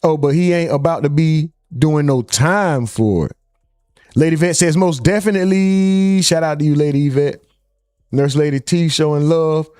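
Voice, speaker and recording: A man's voice: a little high, moderate pace, darkish tone, smooth, no echo. A man hosting a live stream, casually reading out chat comments and joking with viewers. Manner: loose, joking, reads chat names aloud.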